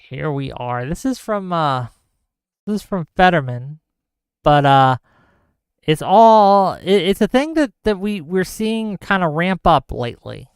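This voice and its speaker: A man's voice: a little high, clear, resonant tone, dry recording, studio quality. A man hosting a solo livestream, ranting heatedly about news and reading viewer chat aloud. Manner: reads chat comments aloud. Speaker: host.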